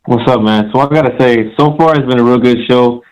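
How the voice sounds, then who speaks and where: A man's voice: medium pitch, brisk, a little mellow, clean tone, poor audio. A man calling in to a show, telling a rambling story in a swaggering, crude way. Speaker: caller. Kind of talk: casual storytelling on a call-in show.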